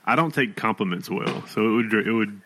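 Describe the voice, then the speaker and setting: A man co-hosting a podcast, telling a story in plain, low-key casual chat. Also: expressive, a little fast, pushed and bright, slight background noise. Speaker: podcast co-host, editor.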